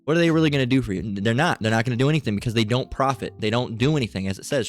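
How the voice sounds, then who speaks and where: A man's voice: mid-range voice, lively intonation, very fast, few pauses, soft background music. A man giving casual religious commentary with an itchy throat, rambling and swearing, full of fillers and asides.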